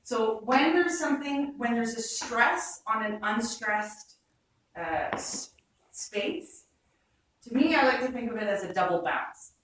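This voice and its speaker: A woman's voice: fairly high pitch, expressive, a little slow, fairly bright tone, a little hiss or hum. Woman teaching verse in an echoey room. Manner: explains with demonstrations and quoted verse, chatty. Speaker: acting workshop teacher. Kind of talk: teaching a Shakespeare workshop. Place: rehearsal room. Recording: echoey room, far from the mic.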